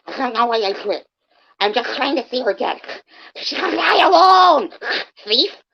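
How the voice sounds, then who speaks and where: A shrill, whiny, spiteful woman, as a woman puts her on in mockery. The voice jumps high and sneers, lively and pinched, over dull lo-fi stream audio. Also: measured pace, creaky, heavily acted. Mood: sneering.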